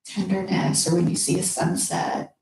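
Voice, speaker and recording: A woman's voice: on the low side, little pitch movement, moderate pace, creaky, a little mellow. A young woman talking candidly and emotionally in a casual heartfelt conversation, swearing freely. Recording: echoey room.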